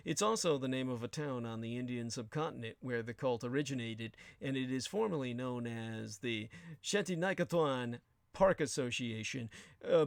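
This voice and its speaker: A man's voice: medium pitch, vocal fry, dry recording, studio quality. A man hosting a show, delivering an emphatic, sardonic political commentary monologue with crude asides. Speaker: show host.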